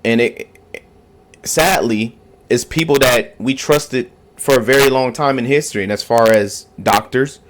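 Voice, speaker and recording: A man's voice: medium pitch, measured pace. A man giving a casual reaction commentary, emphatic and repetitive, often tagging his points with "okay?".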